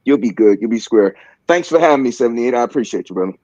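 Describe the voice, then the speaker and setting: A man's voice: medium pitch, expressive, dark tone, dry recording, highs cut off. A man with a Baltimore accent giving casual, joking sports opinions, full of fillers and restarts. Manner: halting, filler-heavy, joking. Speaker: panelist on a sports talk stream.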